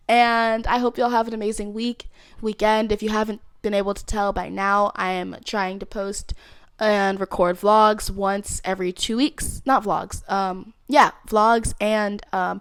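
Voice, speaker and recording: A woman's voice: mid-range voice, no room sound. Young woman hosting a solo podcast, playful and slangy, dry close sound. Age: 20s. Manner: playful, slangy, rambling with laughs. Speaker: podcast host. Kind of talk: casual solo podcast chat.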